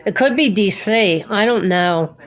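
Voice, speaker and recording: A woman's voice: mid-range voice, a little slow. A woman calling in to a radio show, rambling a little unsurely. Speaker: caller. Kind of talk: casual call-in chat.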